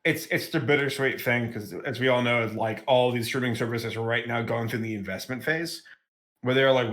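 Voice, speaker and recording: A man's voice: medium pitch, fairly bright tone. A man co-hosting a casual podcast chat, telling stories animatedly and acting out quotes in different voices. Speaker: podcast co-host.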